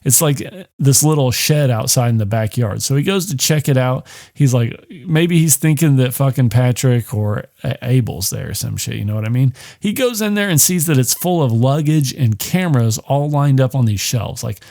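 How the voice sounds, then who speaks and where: A man's voice: mid-range voice, lively intonation, normal speed, gravelly, mellow. Rambling, profane male podcast host. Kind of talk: casual movie recap.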